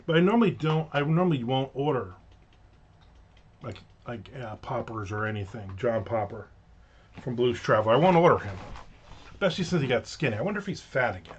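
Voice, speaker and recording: Broadcasting from his home with the windows open, a middle-aged livestream host wanders from story to story, cracking jokes along the way. His mid-range voice is animated and fairly quick, and the lo-fi audio is a bit dull.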